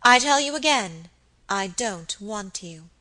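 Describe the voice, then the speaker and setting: A woman's voice: mid-range voice, expressive, slow, sharp tone, poor audio. A woman voicing an imperious noble lady who speaks in a cold, hard, commanding voice. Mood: stern.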